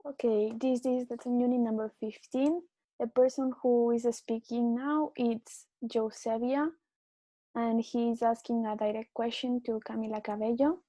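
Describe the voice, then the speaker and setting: A woman giving a class presentation as a student, explaining in a steady way. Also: a little high, normal speed, no room sound, rough recording.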